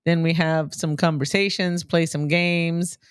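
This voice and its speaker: A woman's voice: lowish voice, little pitch movement, measured pace, clean tone, no echo, studio quality. A middle-aged woman co-hosting a podcast in casual chat, teasing and laughing often. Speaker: podcast co-host.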